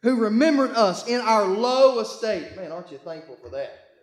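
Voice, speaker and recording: A man preaching a sermon, reading scripture aloud and calling his congregation to read along, with bursts of shouting. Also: high voice, very animated, normal speed, echoey room. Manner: call-and-response, urging the congregation to read along. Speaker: pastor.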